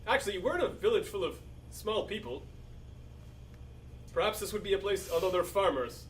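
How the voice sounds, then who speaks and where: A man's voice: high voice, animated, normal speed, far from the mic, a little hiss or hum, low-quality recording. A man at a tabletop game, speaking in an eager, formal way in casual table talk. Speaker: player.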